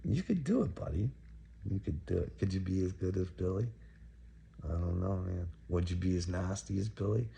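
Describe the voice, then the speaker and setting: A man's voice: low voice, level tone, moderate pace, creaky, mellow. A man delivering a taunting, preachy rant straight at a viewer, repeating his questions. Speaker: commentator reacting to a clip. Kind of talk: ranting monologue to a viewer.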